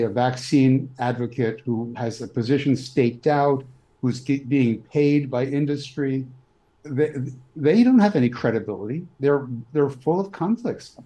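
A man in his sixties from New York, a physician guest giving measured, blunt opinions in an interview. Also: mid-range voice, mellow, rough recording. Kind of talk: interview answers.

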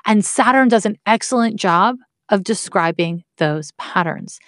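An astrology teacher explains the subject casually and candidly, swearing now and then and tossing in wry asides. Her medium-pitched voice is expressive and unhurried, captured on a dry, studio-quality recording.

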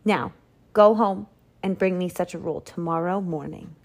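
A woman's voice: lowish voice, normal speed. A woman voicing an angry, haughty male duke in a storybook read-aloud, roaring and giving commands. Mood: stern.

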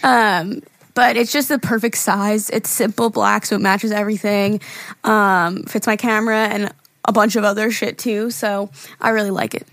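A woman's voice: mid-range voice, fairly even intonation, normal speed, fairly bright tone, no room sound. A young woman co-hosting a podcast in casual chat, talking freely with lots of fillers and laughs. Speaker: podcast co-host.

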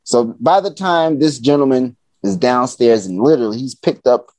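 A man's voice: medium pitch, normal speed, no room sound. A young adult man from Chicago, a podcast guest telling a comic story and acting out the voices of the people in it. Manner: animated, acts out voices of people in his story. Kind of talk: comedic storytelling.

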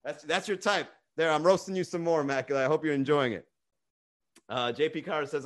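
A man's voice: mid-range voice, brisk, a bit bright. A man who hosts a comedy livestream, rambling and teasing viewers in the chat with profane jokes, recorded on a phone. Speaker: stand-up comedian and livestream host. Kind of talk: casual livestream chat and roasting.

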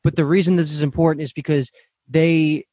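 A man co-hosting a casual podcast, talking excitedly about a TV episode and swearing freely. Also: fairly high pitch, brisk, no echo. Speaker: podcast co-host. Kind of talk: casual chat recapping a TV episode.

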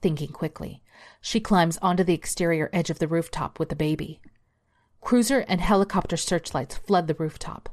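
A woman narrating a dark story with a measured, suspenseful delivery. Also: fairly low pitch.

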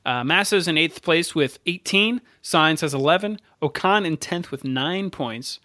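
A man's voice: fairly high pitch, measured pace, bright, forceful tone, dry recording, clean studio sound. A man co-hosting a casual motorsport podcast, running through standings and race listings with frequent self-corrections. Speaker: podcast co-host.

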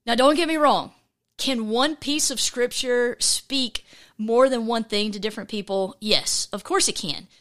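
A woman hosting a casual faith podcast, talking in a chatty, animated way with lots of fillers and restarts. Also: on the high side, a little slow. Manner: acts out quoted voices. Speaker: podcast host.

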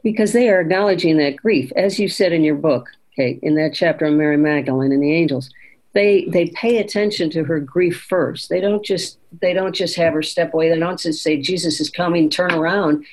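A woman's voice: low voice, brisk, a little mellow, poor audio. Woman retelling scripture in a podcast. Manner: reflective, retelling scripture with quoted lines. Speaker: podcast co-host. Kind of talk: conversational faith podcast discussion.

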